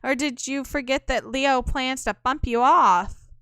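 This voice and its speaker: A woman's voice: sits high, measured pace, fairly bright tone, dry recording, pitched above the performer's own voice. A woman reading aloud the lines of a sassy female sidekick in a game, speaking in a teasing way.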